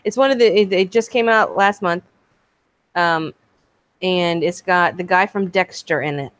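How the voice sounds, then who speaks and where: Casual podcast woman: lowish voice, dry close sound, chatty and profane. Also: a little slow, dry recording. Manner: chatty, swears freely, laughs often. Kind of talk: casual chat.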